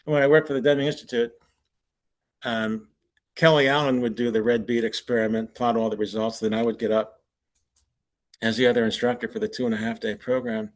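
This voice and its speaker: A man's voice: medium pitch, flat delivery, fairly quick. A man presenting at a forum, telling anecdotes in a loose conversational way, chuckling at his own punchlines. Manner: conversational with restarts. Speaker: conference presenter. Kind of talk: anecdotal lecture.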